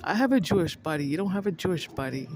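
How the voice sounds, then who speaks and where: A woman vlogger in a rambling monologue, accusing someone she addresses by name, repeating herself with halting restarts. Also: on the low side, lively intonation, a little mellow, slight background noise, rough recording. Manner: accusing, repetitive, addresses an absent person by name; halting, with many restarts and fillers.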